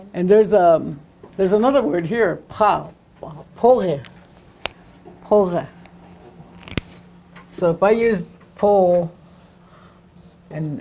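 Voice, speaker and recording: A woman teaching a language class, explaining slowly and repeating words and phrases for emphasis. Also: fairly low pitch, warm tone, a little hiss or hum, low-quality recording. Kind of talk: classroom lecture.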